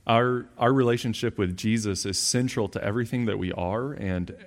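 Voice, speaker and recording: A young man delivers a sermon in a very deep voice, congested and husky from a cold that gives him a slight twang. He talks in an easygoing, conversational way, with plenty of little fillers between his points. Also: normal speed. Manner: relaxed, conversational preaching with fillers. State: sick, congested. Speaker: campus minister.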